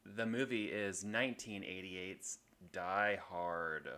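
A man co-hosting a casual podcast chat, teasing with dry jokes in a relaxed, mid-pitched voice. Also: slow. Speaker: podcast co-host.

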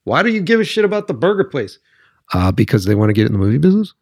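A man's voice: medium pitch, racing, no echo. Worked-up guy swearing through a podcast rant, voice swinging all over, dry close mic. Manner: animated, profane, sarcastic, keeps asking "right?". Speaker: podcast host.

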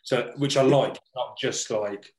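A man hosting a casual interview, talking in halting starts and restarts while he pays compliments. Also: mid-range voice, darkish tone. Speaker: podcast host. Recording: roomy echo.

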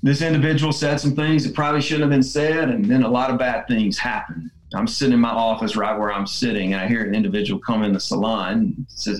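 A man guest, a salon owner, telling heartfelt stories in relaxed conversation. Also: on the low side, brisk. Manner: earnest, heartfelt. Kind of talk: conversational storytelling. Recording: roomy echo, faint music.

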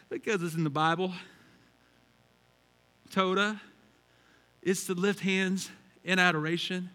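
A male pastor preaching a lively sermon, swinging from quiet reverence to loud shouts and playful acted-out quotes. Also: high voice, a little slow, long pauses. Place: large church hall. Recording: church hall reverb.

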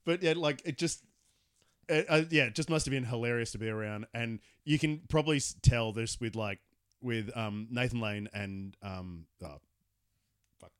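A man's voice: mid-range voice, moderate pace, a bit bright, clear, resonant tone, dry recording, clean studio sound. A man co-hosting a casual film chat podcast, laughing and swearing easily. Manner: laughs often, swears casually, acts out quotes. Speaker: podcast co-host.

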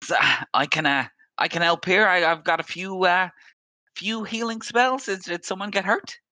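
A man playing a friendly dwarven priestess, her voice pitched well up and bright as she offers to help in a tabletop game. She talks in chatty, slightly hesitant bursts, close to a dry mic. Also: normal speed, no echo. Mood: helpful.

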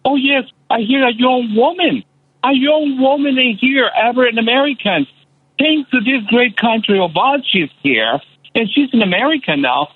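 Over a tinny phone line with no echo, a radio caller speaks in a very high, breathy voice with lively intonation. The man is passionate and impassioned, yet halting, with many repeated fillers.

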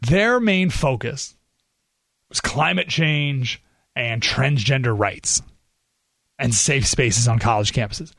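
A man hosting a political talk radio show, talking in an animated, sarcastic way. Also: medium pitch, slow pace, gravelly, pauses often, no echo, clean studio sound. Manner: animated, sarcastic, acts out quoted voices.

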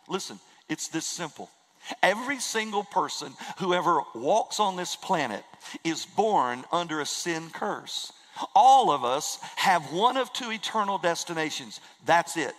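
A man's voice: fairly high pitch, a bit bright, big-room sound, low-quality recording. A man preaching a sermon in a church, earnest and emphatic, repeating key phrases for weight. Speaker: pastor. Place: church sanctuary.

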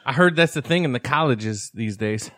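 A man's voice: mid-range voice, animated, moderate pace, a bit bright, dry recording. A man co-hosting a casual podcast, laid-back and crude, joking about drinking and partying. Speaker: podcast co-host. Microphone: studio mic with fader.

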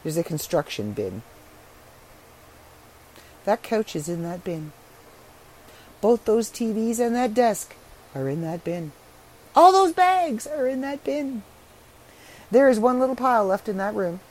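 A middle-aged woman podcaster in casual solo chat, chatty and frank, her voice rough and congested from allergies. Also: a little high, big pitch swings, a little slow, long pauses, darkish tone, rough recording.

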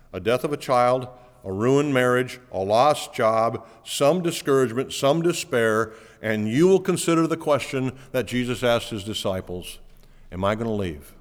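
A man's voice: medium pitch, long reverb tail. A man pastor preaching a sermon, asking his listeners questions and quoting scripture.

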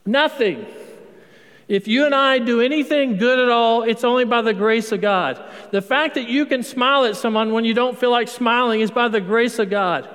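A priest giving a sermon in an emphatic, conversational way, repeating words for effect. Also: male voice, extremely high pitch, moderate pace, a bit bright. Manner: conversational preaching, emphatic repetition. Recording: long hall reverb.

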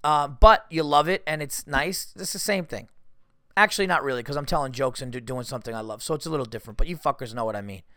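A man's voice: mid-range voice, fast, sharp tone, dry recording, studio quality. A man hosting a podcast and ranting in a casual, profane comedic monologue while fighting a cold. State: has a cold. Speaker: podcast host.

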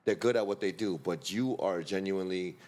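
A man telling a story in casual chat, animated and swearing freely, acting out his friends' voices with big leaps up in pitch. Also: fairly quick.

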